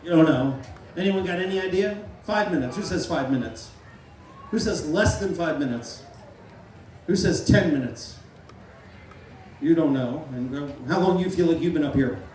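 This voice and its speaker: A middle-aged man working as a stage hypnotist at a live comedy show, playfully giving loud, repeated suggestions to volunteers. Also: on the high side, moderate pace, long pauses, slight background noise. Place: large fair tent. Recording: echoey tent, mic heard from far.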